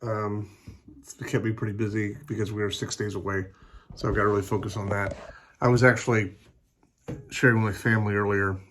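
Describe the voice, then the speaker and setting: A man's voice: on the low side, level tone, a little fast, long pauses, a bit bright, a little hiss or hum. A man talking casually in a personal vlog at home, rambling and hesitant, with many fillers and restarts. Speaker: vlogger.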